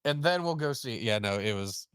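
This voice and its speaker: This young host has a clear, resonant voice and speaks at normal speed while telling a story in a casual chat, taking on both roles in the dialogue. He's animated, leaping in pitch for the quotes. The recording is clean studio sound without any room sound.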